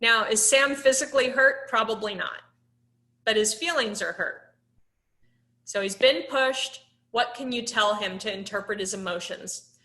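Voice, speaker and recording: Bright-voiced woman teaching a class. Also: fairly high pitch, a little slow, reverberant. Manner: conversational, many "um"s, asks the class questions. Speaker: instructor. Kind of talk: live online class lecture.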